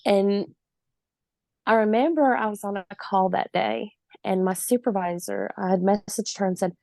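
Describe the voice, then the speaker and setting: A woman in her forties recounts her own story as a podcast guest. Her voice has a gravelly, fried edge, and her telling is vivid and emphatic, with the odd laugh. The recording is dry and close, with no room sound. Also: medium pitch, animated, normal speed, a little mellow, no room sound.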